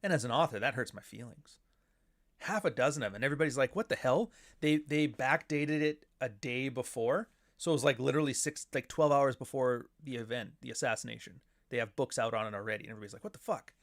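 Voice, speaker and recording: Middle-aged Canadian man, mid-pitched, sardonic and profane, rambling livestream host. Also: quick pace. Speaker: show host. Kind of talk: casual livestream commentary.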